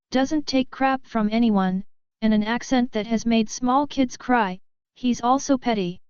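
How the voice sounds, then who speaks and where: Woman, story narrator, even read-aloud delivery, fairly high voice, slightly dull lo-fi sound. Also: clean tone, no echo. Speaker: narrator reading online posts.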